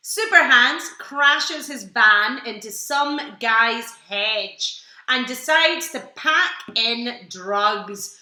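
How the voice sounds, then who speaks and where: Unhurried, bright British female co-host at home; roomy sound, teasing and joking. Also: high voice. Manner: teasing, joking, swears casually. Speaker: quiz co-host. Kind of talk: live online quiz hosting. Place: home room. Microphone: home computer mic.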